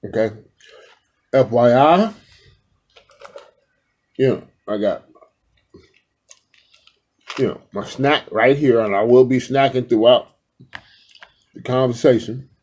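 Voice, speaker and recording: A man with a husky, somewhat breathy voice and a dark, mellow tone talks loosely to his own camera from indoors. He rambles and speaks to his viewers directly and affectionately, like a spiritual vlogger talking to his regulars. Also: mid-range voice, slow pace, long pauses. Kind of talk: casual talk to camera.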